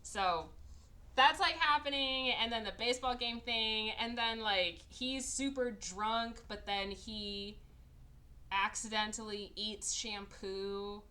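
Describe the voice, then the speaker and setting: Bright, animated woman recapping a movie. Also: on the high side, takes it slowly. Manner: animated, sarcastic, acts out characters in exaggerated voices. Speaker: podcast host. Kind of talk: casual movie recap chat.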